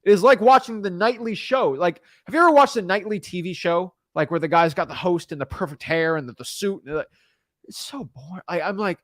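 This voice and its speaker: A man in his twenties coaching his viewers in a casual, energetic way, talking straight to them and peppering his speech with "like" and "guys". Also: high-pitched, brisk, no echo, studio quality. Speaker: real estate coach. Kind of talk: casual motivational teaching.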